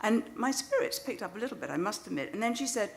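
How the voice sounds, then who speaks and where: A woman's voice: mid-range voice, big pitch swings, quick pace, vocal fry. A middle-aged woman with a British English accent, telling a self-deprecating anecdote live on stage into a microphone. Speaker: novelist. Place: stage of a small club venue.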